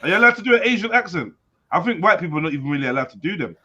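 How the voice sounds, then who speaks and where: A man hosts a casual live stream, full of jokes and banter. His voice is bright and forceful, sitting a little high. The audio is dull and lo-fi, with a faint hiss underneath. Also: very animated, rapid-fire. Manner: joking, banter-heavy, mimics voices loudly. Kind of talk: casual chat.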